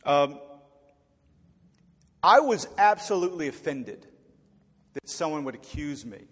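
Animated preacher in his forties, echoey hall. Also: on the high side, unhurried. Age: 40s. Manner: animated, humorous storytelling with acted-out voices. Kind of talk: storytelling sermon.

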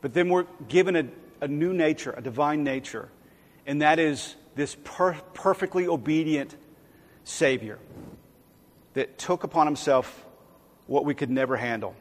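A pastor with a slightly high voice preaches a sermon conversationally at a measured pace, pausing often and occasionally acting out quoted voices. There's long hall reverb on the recording.

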